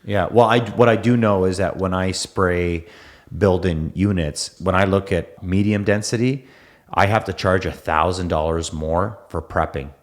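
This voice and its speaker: A low-pitched man with an Eastern European accent co-hosts a casual podcast, sounding enthusiastic and animated. He is recorded on site at a manufacturing facility. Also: a little slow. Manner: enthusiastic, animated, often laughing. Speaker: podcast co-host.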